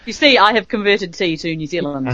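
A woman's voice: on the low side, lively intonation, brisk, bright, forceful tone, lo-fi sound. A woman chatting as a co-guest on a live show, playful and giggly. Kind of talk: casual banter on a live stream call.

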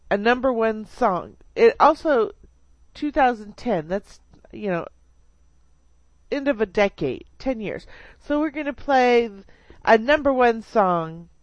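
Playful woman radio host, slow and lively. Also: on the high side, no echo, dull audio. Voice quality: chatty, giggly, playful. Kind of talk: casual radio banter.

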